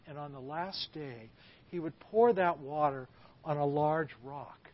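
A man's voice: a little high, measured pace. Man preaching with dramatic emphasis. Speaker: guest preacher. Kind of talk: sermon. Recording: slightly muffled dry recording.

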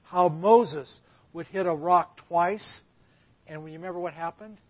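A man's voice: high-pitched, measured pace, no echo. Man preaching with dramatic emphasis. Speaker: guest preacher. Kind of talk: sermon. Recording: slightly muffled dry recording.

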